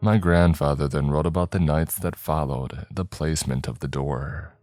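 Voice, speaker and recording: A man narrating a horror story in a slow, measured storytelling voice. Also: very deep voice, a little mellow, no echo. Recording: dry close mic, faint background music.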